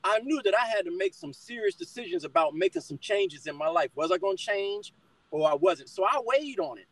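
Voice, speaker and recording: A man's voice: high voice, big pitch swings, fairly quick, no room sound, low-quality recording. A middle-aged man telling a personal testimony in conversation, fired up and calling the listener brother again and again.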